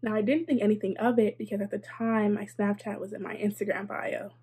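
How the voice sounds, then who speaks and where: A woman's voice: medium pitch, steady tone, fairly quick, mellow, slightly rough. A young adult woman telling a casual storytime, chatty and sarcastic, with lots of "like" and wry asides. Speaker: vlogger.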